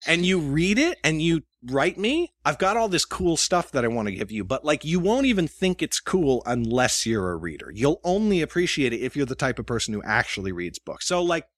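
A man's voice: on the high side, very animated, brisk, hardly any pauses, no echo, studio quality. A man, a guest author, chatting casually about his publishing business and acting out his emails in quoted voices. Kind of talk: casual chat.

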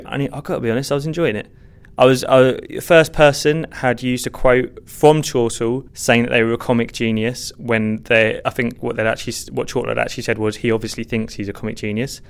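A man's voice: medium pitch, vocal fry, fairly bright tone. A man, a stand-up comedian, giving candid, self-deprecating and rambling answers in a podcast interview.

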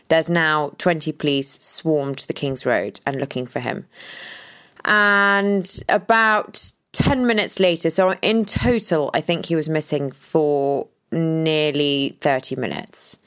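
A woman's voice: low voice, clean tone. A woman co-hosting a podcast, telling a story casually and dramatically, acting out what people said. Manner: lively, dramatic retelling that acts out quoted speech. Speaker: podcast co-host.

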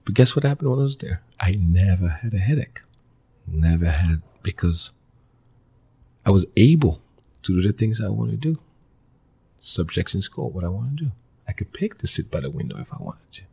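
A man, a guest in an interview, telling his life story in earnest, halting fragments with many restarts. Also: sits low, very animated, vocal fry, dark tone, slightly rough. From Mali. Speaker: interview guest, former pro soccer player. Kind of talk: personal storytelling in a conversational interview.

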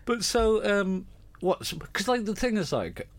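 Guy hosting a comedy chat, dry jokes, pitch moving around a lot. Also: big pitch swings, unhurried. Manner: teasing, dry quips. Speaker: podcast host. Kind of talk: casual chat.

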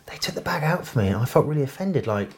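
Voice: mid-range voice, sing-song, fast talker, a little mellow. A podcast host chatting casually, making joking asides. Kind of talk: casual chat.

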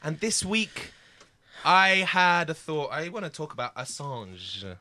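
A man hosting a comedy podcast, bantering in a playful, quick, jokey way. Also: on the high side, sing-song, sharp tone. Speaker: podcast host.

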